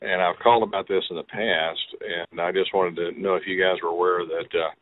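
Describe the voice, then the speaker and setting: A man's voice: sits low, steady tone, fairly quick. A man calling in to a talk radio show and explaining his points earnestly and in detail. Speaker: caller. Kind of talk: call-in talk. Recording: dry phone line.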